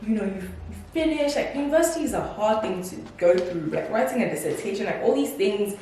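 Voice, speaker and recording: A woman in her twenties with a mid-range, warm voice and lively intonation talks briskly in a casual, reflective life-update vlog packed with fillers and acted-out quotes. A distant mic in a very echoey room picks up faint noise.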